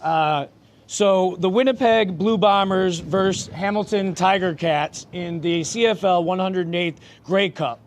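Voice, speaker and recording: Co-host who reads notes aloud and trips a little, fairly high voice. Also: male voice, fairly even intonation, a little slow, hardly any pauses. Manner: reads notes with small stumbles. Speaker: show co-host. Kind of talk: casual sports picks chat.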